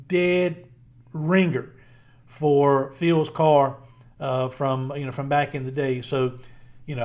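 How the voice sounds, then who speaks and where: A middle-aged man with a Southern Virginia accent, co-hosting a casual podcast chat in a rambling, friendly way with many fillers. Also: a little high. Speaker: podcast co-host.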